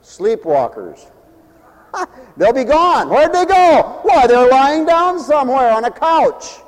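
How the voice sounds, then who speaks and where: High-pitched guy preaching, jokey, gets loud then goes quiet, long hall echo. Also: takes it slowly. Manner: animated, joking, swings from loud to hushed. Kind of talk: sermon.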